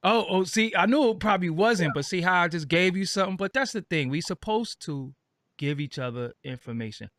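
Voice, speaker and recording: A man hosting an interview show, sounding tired and a bit raspy, talking in a loose, rambling way with lots of fillers and repeats. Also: expressive, fairly quick, a bit bright, no room sound, studio quality. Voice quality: raspy, deeper than usual. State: tired, just woke up. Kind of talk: casual interview chat.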